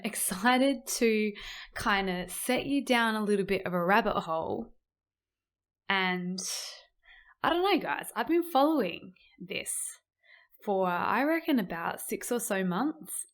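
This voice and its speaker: A woman hosting a podcast, talking casually to listeners in an animated, chatty way and switching to a newsreader voice to read articles aloud. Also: medium pitch. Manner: chatty, animated, laughs easily; puts on a newsreader voice when reading articles. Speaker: podcast host. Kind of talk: casual podcast chat and reading news articles.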